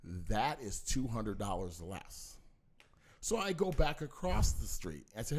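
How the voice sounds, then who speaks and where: A man telling a personal story in casual talk, talking forcefully and acting out both sides of an argument. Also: fairly low pitch, slow pace. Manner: animated, acts out both sides of a dispute; talks forcefully.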